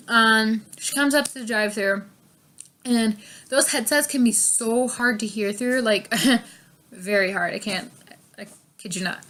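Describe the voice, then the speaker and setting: Bright-voiced young woman telling stories. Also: fairly high pitch. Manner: chatty, lots of fillers, laughs often. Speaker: vlogger. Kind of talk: casual storytime chat.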